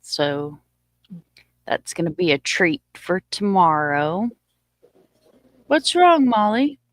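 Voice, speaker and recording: Lower-voiced lady rambling on her live stream, a bit winded, dry close mic. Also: very animated, slow, dry recording. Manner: chatty and informal, talking to viewers. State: a little short of breath. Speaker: livestream host. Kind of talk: casual livestream chat.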